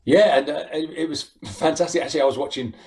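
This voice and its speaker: A man with a southern English accent, chatting as an impressionist guest in an animated way. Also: fairly high pitch, fast talker. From United Kingdom. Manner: animated, laughs easily, slips into voices. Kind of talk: casual interview chat.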